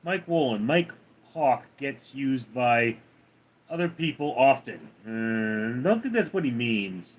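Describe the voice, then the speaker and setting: A man's voice: medium pitch, big pitch swings, slow. A man hosting a casual livestream, reading out chat names and answering them one by one in a drawl.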